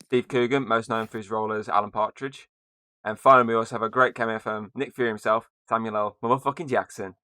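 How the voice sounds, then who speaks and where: A man's voice: fairly low pitch, fairly even intonation, fast, pushed and bright, no echo. A man hosting a casual movie podcast, running through the cast and plot with jokes. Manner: reads movie rundown, joking. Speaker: podcast host.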